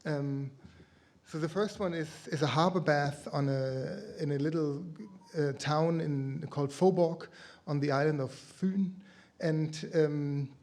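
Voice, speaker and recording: Male conference presenter, slightly high voice, halting delivery, pauses to find words. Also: darkish tone. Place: conference breakout room.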